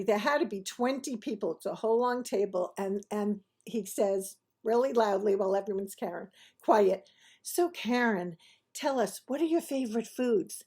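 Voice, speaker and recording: A woman telling a funny personal story in a chatty, animated way, often laughing as she talks. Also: medium pitch, breathy edge. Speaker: host of a restaurant review TV show. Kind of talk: casual anecdotal storytelling.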